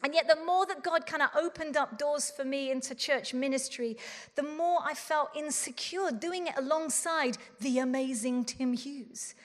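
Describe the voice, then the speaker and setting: Speaking at normal speed in a high voice, a conference speaker in her forties mixes sincerity with self-mocking humor. The room adds a long, echoing hall reverb.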